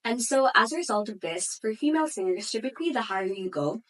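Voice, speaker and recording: A woman's voice: on the high side, expressive, fast, a bit bright, distant mic, poor audio. A young woman, an opera singer and student, answering interview questions in a thoughtful way full of "like" and "you know". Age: young adult.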